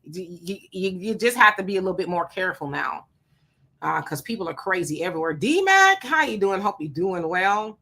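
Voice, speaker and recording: A woman's voice: on the low side, very animated, normal speed, sharp tone. A woman co-hosting a live stream, reading viewer comments aloud and greeting people by name in a blunt, casual way. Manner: blunt, talks back to commenters.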